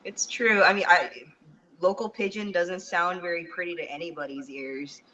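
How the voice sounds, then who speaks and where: A woman from Hawaii, a guest author chatting in an animated, self-deprecating way. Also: on the low side, normal speed, recorded from a distance, dull audio, crowd noise. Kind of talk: casual interview chat.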